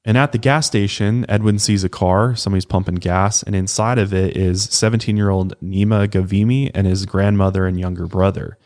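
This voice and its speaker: A man with a deep, low voice narrates a true-crime case in a relaxed, conversational way. He co-hosts a podcast and drops the odd swear word as he tells the story. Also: fairly quick, hardly any pauses. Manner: relaxed, swears casually, acts out quotes. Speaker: podcast co-host.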